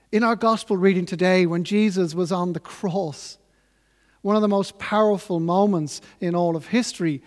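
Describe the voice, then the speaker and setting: A man delivers a sermon, earnest and reflective, moving at a measured pace. His voice sits high for a man. Each phrase rings on in a long, church-like reverb. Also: darkish tone. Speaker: preacher.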